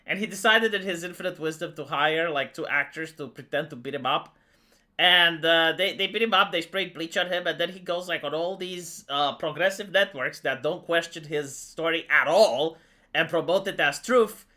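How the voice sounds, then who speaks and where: A man from Eastern Europe hosting a live stream, chatting casually about politics, animated and quick to laugh, with many fillers. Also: a little high.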